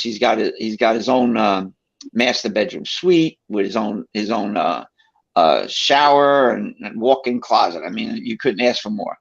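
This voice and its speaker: Gravelly middle-aged New man, rambling. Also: mid-range voice. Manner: rambling, many fillers and restarts, acts out quotes. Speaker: commentator telling his story. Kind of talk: casual personal storytelling. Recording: dull lo-fi recording.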